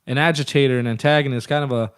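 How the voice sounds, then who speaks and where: A man's voice: mid-range voice, fairly even intonation, racing, clean tone, dry recording, clean studio sound. A man in his thirties telling band stories in a casual, profane, rambling way as an interview guest. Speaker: guest musician.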